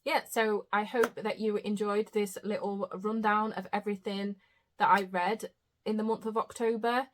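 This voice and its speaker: A woman's voice: mid-range voice, flat delivery, moderate pace. A young woman, chatting casually as a book vlogger. She trails off, restarts and pokes fun at herself. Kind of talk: casual chat.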